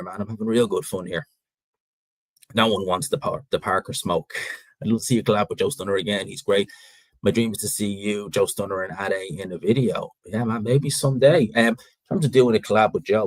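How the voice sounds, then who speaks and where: A low-voiced man with a North Dublin accent, from Ireland, hosts a boxing channel on a low-quality recording with no echo. Frank and opinionated, he chats casually through viewer questions, rambling and restarting his thoughts.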